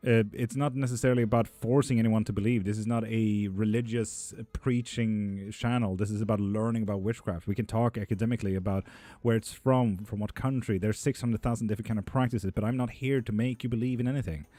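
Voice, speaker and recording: A man's voice: on the low side, steady tone, a little fast, dark tone, no room sound. A man hosting a live stream, chatting casually and answering viewer questions in a loose, joking, profane way, laughing often. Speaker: live stream host reading chat questions. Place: indoor room with a fan running.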